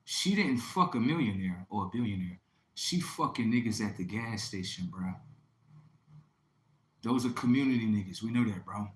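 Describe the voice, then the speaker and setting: A man's voice: fairly low pitch, animated, moderate pace, slight background noise. A man in his thirties telling a crude story in a brash, profane monologue, often checking in with "right?". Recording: echoey room.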